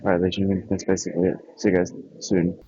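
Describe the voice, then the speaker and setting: A young man vlogging in a relaxed, rambling way, correcting himself as he goes. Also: low-pitched, very fast, highs cut off, slight background noise. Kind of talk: casual chat.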